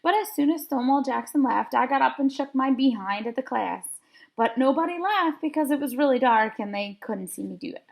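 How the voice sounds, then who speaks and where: A woman teacher reads a children's chapter book aloud with lively, expressive narration. Her voice is high and carries a gravelly vocal fry, and she leans into every twist of the story. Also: a little fast.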